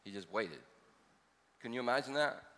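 A man's voice: medium pitch, lively intonation, normal speed, pushed and bright. A man preaching a sermon, folksy and joking, building to emphatic points. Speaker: pastor. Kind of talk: sermon with storytelling. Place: large church hall. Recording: reverberant church hall.

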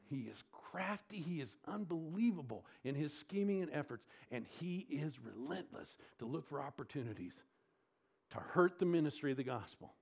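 Delivering a sermon with strong emphasis, a pastor asks his congregation questions while his voice rises to loud stresses and drops to quiet lows.

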